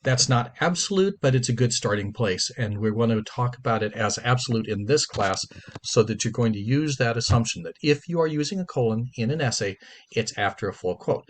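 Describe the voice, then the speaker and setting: A male teacher with an ordinary male pitch gives his class an easy, conversational lecture on a writing rule, sounding animated and brisk over slight background noise. He speaks emphatically, stressing the points he cares about and returning to them repeatedly.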